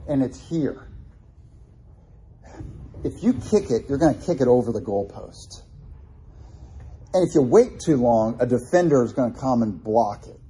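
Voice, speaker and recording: A man preaching a sermon, telling animated personal stories with many restarts. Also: medium pitch, slight background noise. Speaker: pastor.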